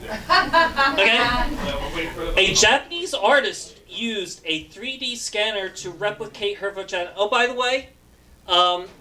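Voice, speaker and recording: A man's voice: high-pitched, lively intonation, takes it slowly, long pauses, pushed and bright. A man doing stand-up comedy and hosting, with lots of fillers, laughing at his own jokes. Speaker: stand-up comedian and show host.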